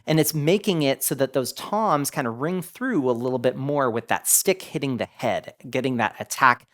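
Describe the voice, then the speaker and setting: A man hosting a casual audio-gear tutorial, explaining settings step by step in a relaxed, chatty way. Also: mid-range voice, moderate pace. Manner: lively, relaxed explaining with many "go ahead" phrases.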